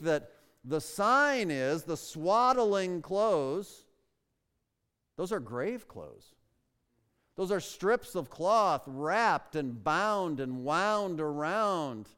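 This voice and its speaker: A man's voice: on the high side, expressive, fairly bright tone, smooth. Emphatic male preacher in a reverberant hall. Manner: emphatic preaching with rhetorical questions, slows down to stress words. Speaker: pastor. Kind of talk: sermon. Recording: long reverb of a large hall.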